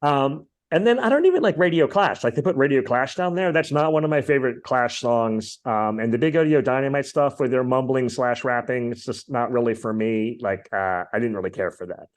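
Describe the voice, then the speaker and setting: A man's voice: mid-range voice, brisk, hardly any pauses. Opinionated podcast host, rambling man. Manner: opinionated and rambling, with many fillers. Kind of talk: casual music chat.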